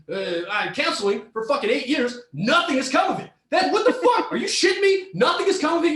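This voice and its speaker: A man co-hosting a podcast, ranting with heavy profanity and frequent shouting as he reacts to a story. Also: extremely high pitch, echoey room. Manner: profane, heated, often shouting. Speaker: podcast co-host. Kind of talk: ranting commentary on a reader story.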